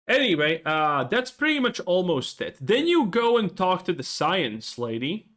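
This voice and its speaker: A man's voice: sits high, very animated, unhurried, hardly any pauses, a bit bright. A young man reviewing a video game in an exasperated, profane and sarcastic rant. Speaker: gaming video creator.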